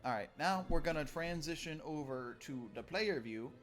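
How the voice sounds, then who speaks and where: A man runs a tabletop game as game master in a casual, joking way. His voice sits a little high for a man. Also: expressive, moderate pace, faint music behind. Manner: joking, playful.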